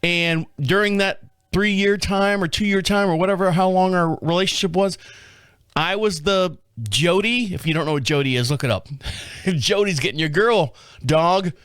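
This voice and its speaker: Man, rambling storyteller, acts out both sides of calls, slightly high voice, dry close sound. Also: moderate pace, a bit bright, clear, resonant tone, no room sound. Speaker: podcast host. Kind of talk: casual storytelling monologue.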